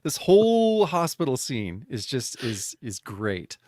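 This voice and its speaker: A man co-hosting a podcast, talking casually about a comic book, swearing freely and getting animated as he reads out the panels. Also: mid-range voice, slow pace, no room sound, clean studio sound. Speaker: podcast co-host.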